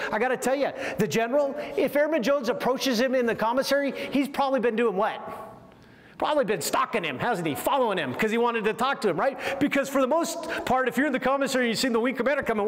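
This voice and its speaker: A man teaching a leadership communication course to military officers, lively and full of rhetorical questions. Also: very high-pitched. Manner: lively, asks the audience frequent rhetorical questions. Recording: echoey hall with long reverb.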